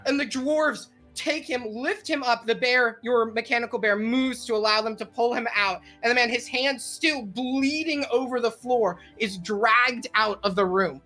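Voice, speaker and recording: Woman dm narrating slow, bright voice, some music in the back. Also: a little high. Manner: slow, vivid narration with fillers. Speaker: game master. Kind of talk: narrating a tabletop game.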